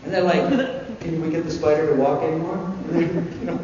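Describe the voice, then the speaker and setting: A man who is a guest at a convention panel tells a comic anecdote on stage, animated and laughing, acting out what others said. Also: fairly high pitch, quick pace. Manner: animated, laughing, acts out quotes. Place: large convention hall before an audience. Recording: echoey hall, distant mic, dull sound, audience noise.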